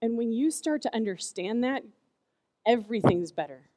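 Her voice is a little high and moves at normal speed, with no room sound. This youth speaker, a woman in her thirties, tells kids stories in a chatty, animated sermon heavy on "like."

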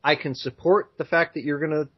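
A man's voice: fairly high pitch, steady tone, brisk, slightly rough. Opinionated man on a lo-fi podcast. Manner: opinionated, lots of "you know" fillers. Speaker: podcast co-host. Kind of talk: casual chat.

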